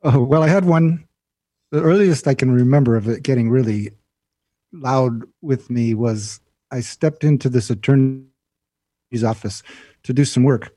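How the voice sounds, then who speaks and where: Mellow-voiced man telling a story. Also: medium pitch, measured pace, pauses often, no room sound, clean studio sound. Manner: animated storyteller, acts out an inner voice. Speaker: guest. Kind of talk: casual storytelling.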